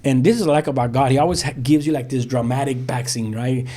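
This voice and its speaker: A middle-aged pastor from South Central Los Angeles gives his personal testimony in a podcast interview, full of "you know" and acted-out dialogue. His voice is medium-pitched and warm, with fairly even intonation and a quick pace.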